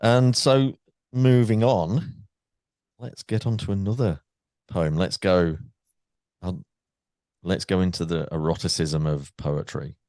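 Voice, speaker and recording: A man's voice: low-pitched, slow, pauses often, darkish tone, no room sound. An English man hosting a podcast, chatting casually and laughing with his guest. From England. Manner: chatty, laughing, restarts often. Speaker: podcast host. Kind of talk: casual interview chat.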